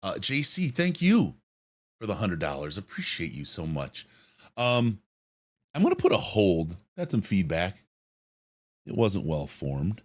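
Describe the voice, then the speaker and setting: Deep-voiced man reading out donations. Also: wildly swooping pitch. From Detroit area. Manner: warm thanks with halting restarts and chuckles. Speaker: podcast co-host reading out donations. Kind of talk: casual live-stream chat.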